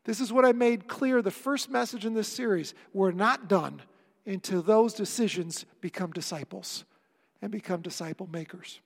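A man's voice: high voice, moderate pace, gravelly. A male pastor preaching a sermon, earnest and emphatic, with wry asides to the congregation. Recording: long reverb of a church hall.

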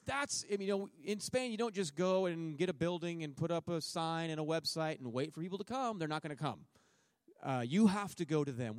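A man's voice: a little high, dry recording, clean studio sound. A middle-aged man speaking to a church as a missionary, telling a story with jokes and acting out what people said. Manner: joking storyteller, acts out his own and others' words. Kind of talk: sermon testimony.

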